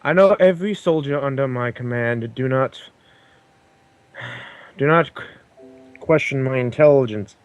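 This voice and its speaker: A man's voice: mid-range voice, a little slow, long pauses, dry recording, faint music behind, close to an everyday voice. A man voicing a stern male military commander who questions prisoners coldly in a tabletop game. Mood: suspicious. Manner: cold, clipped, interrogating.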